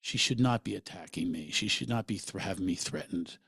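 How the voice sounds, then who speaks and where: A middle-aged man hosting a podcast, telling a personal story in an animated way and acting out what others said. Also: low-pitched, brisk, gravelly, breathy edge, no room sound, studio quality. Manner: animated, quotes people in lively voices. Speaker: podcast host.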